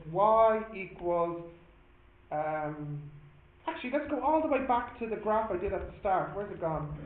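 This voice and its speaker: A man with an Irish accent teaching a maths class, chatty and joking as he explains patiently. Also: sits high. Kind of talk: classroom lesson. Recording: echoey classroom on a tinny phone-like line.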